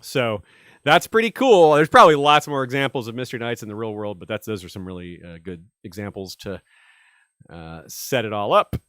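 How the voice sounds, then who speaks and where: A man's voice: fairly low pitch, animated, brisk, a bit bright, dry recording, studio quality. A man hosting a casual podcast chat, rambling with many fillers and chuckles. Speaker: podcast host.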